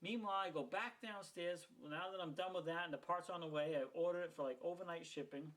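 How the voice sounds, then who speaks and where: A man's voice: on the high side, fast talker, fairly bright tone, poor audio. A middle-aged man from Maine, casually retelling a plumbing mishap, heated and rambling with plenty of swearing. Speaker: home repair vlogger. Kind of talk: casual storytelling.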